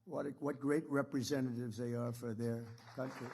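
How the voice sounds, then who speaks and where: Gravelly man giving a rambling speech. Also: mid-range voice, fairly even intonation, normal speed, a little mellow, a faint crowd. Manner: rambling, repetitive, boastful. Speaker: president. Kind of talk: political speech to a live audience. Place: indoor event room with an audience.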